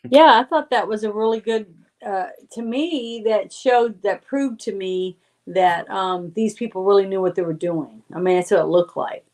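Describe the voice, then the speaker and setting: A woman co-hosting a casual movie podcast, chatty and quick to laugh. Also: medium pitch, darkish tone. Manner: chatty, laughs easily, many fillers. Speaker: podcast co-host.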